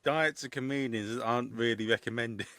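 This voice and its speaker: A man's voice: medium pitch, normal speed, bright, forceful tone, no room sound, studio quality. A man hosting a casual interview podcast, rambling through stories and questions with easy laughs. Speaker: podcast host and comedian.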